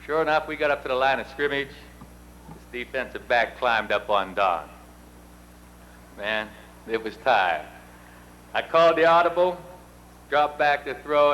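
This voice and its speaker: A man's voice: medium pitch, lively intonation, measured pace, pauses often, fairly bright tone, poor audio. A middle-aged man presenting at an induction ceremony, telling folksy, self-deprecating stories. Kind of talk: speech with storytelling.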